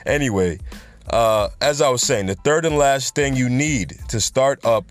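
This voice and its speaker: Guy hosting a podcast, chatty and joking, swears a lot, mid-pitch, faint music in the back. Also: measured pace, no echo. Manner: chatty, joking, loose and profane, laughs at his own jokes. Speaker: podcast host. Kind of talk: casual podcast monologue.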